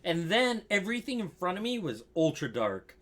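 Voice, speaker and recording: A man's voice: high-pitched, very animated, moderate pace, a bit bright. A young man casually telling a story, laughing often, swearing and saying "like" a lot.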